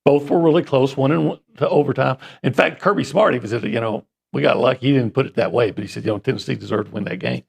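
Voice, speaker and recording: A man's voice: mid-range voice, quick pace, vocal fry, hardly any pauses, husky. A man co-hosting a sports talk show, bantering playfully and joking around. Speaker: sports radio co-host.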